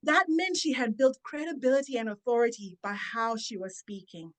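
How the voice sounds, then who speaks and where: Female speaking coach, podcast guest; slightly high pitch, deliberate, emphatic delivery. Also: crowd noise. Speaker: confidence and public speaking coach. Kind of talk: guest giving advice in a podcast interview.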